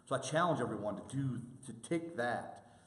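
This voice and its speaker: A medium-pitched male voice, normal in speed, rings through a reverberant room. The man is addressing sports officials, animating his anecdotes by playing the people he quotes.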